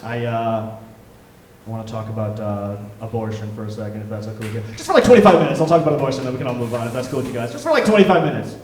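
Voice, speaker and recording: A man's voice: medium pitch, rapid-fire, darkish tone, a little hiss or hum. A man in his twenties doing a self-deprecating stand-up comedy set on a club stage, rambling with hesitant fillers. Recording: roomy club, from far off the mic.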